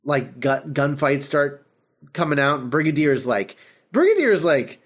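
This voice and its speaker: A man hosting a podcast, retelling an episode in casual chat, animated and full of fillers and laughter. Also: fairly high pitch, measured pace. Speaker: podcast host.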